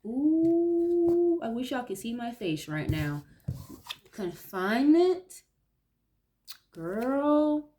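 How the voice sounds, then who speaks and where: Woman, young, tarot reader, slightly high voice, blunt, swears freely, casual card commentary. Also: big pitch swings, a little slow, warm tone, a little hiss or hum. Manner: blunt, swears freely, reacts aloud to the cards.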